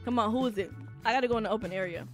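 A woman's voice: a little high, very fast, soft background music. A woman streaming a game live, talking casually to her chat and often shrieking and laughing. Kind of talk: live gaming commentary.

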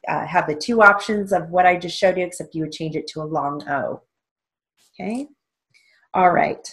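A woman teaching steno theory, dictating sentences slowly and spelling out words letter by letter. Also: on the low side. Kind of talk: dictation lesson with explanations.

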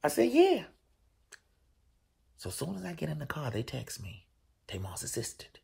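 Brief: DC-male host, husky, gravelly storyteller with big swings in pitch. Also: moderate pace. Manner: animated, profane storytelling with loud, high bursts. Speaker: show host. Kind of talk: casual storytelling.

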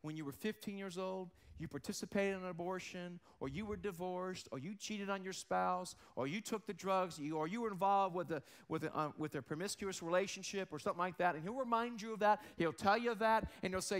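A man with a high voice preaches a sermon to his congregation. He speaks earnestly and often asks the room questions. To stress a point he drops his voice low and quiet. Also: fairly quick, few pauses. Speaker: pastor.

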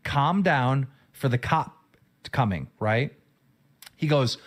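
Man, played stream clip, urgent storytelling, mid pitch. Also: lively intonation, slow. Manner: urgent, pleading. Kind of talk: recounting a phone call on a stream.

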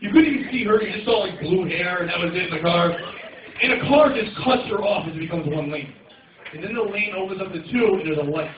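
A man doing brash, teasing stand-up crowd work, swearing and jumping into shouted punchlines. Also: high-pitched, fast talker, distant mic. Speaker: stand-up comedian. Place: comedy club with a loud audience. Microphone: phone camera in the audience, far from the stage. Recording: dull, echoey phone clip from afar, loud crowd.

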